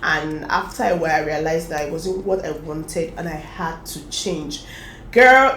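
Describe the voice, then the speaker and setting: A woman, talking straight to camera in a chatty, advice-giving way. Her voice sits at an ordinary middle pitch. The room around her is echoey, with a faint hum of noise underneath. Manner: chatty, advising viewers directly, animated laughter. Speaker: lifestyle vlogger. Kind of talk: casual talk to camera.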